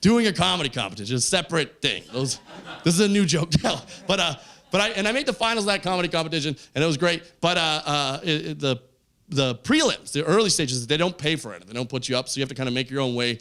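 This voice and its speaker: A young man tells a stand-up story on stage, his fairly high voice leaping up and down as he acts out each person. He shouts some punchlines and drops low for others. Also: fast. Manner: animated, voices quoted friends, yells punchlines. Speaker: stand-up comedian. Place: comedy club stage. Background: audience laughter.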